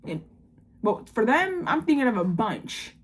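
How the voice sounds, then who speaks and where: A nineteen-year-old woman in a casual confessional vlog, talking fast and rambling with lots of "like" and "I don't know.". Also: on the high side, big pitch swings, slight background noise. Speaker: vlogger.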